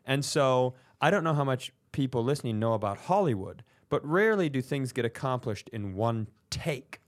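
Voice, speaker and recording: A man's voice: mid-range voice, moderate pace. A young man on a podcast, telling a story in a casual chat and acting out the other people in it with raised voices. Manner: animated, acts out quotes in raised voices. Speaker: podcast co-host.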